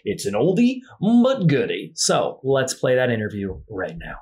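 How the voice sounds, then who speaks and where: A man's voice: mid-range voice, wildly swooping pitch, unhurried, a little mellow. A man hosting a podcast who talks emphatically and repeats key phrases for effect. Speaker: podcast host. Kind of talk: enthusiastic podcast interview.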